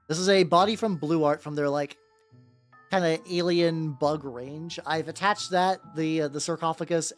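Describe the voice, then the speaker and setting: A streamer chatting casually with viewers while painting miniatures, rambling and swearing freely. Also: mid-range voice. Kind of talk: casual livestream chat. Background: faint background music.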